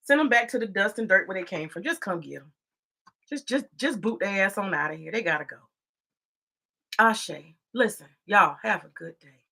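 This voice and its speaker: A woman's voice: medium pitch, expressive, normal speed, vocal fry, sharp tone. A woman commentator ranting heatedly in a casual monologue, profane and scolding, repeating herself as she gets worked up. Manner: repetitive, scolding. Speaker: political commentator.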